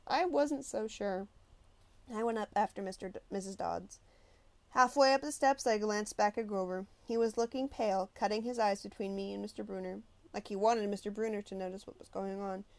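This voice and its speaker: A woman narrating an audiobook in the first person with an expressive, conversational delivery. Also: mid-range voice, moderate pace.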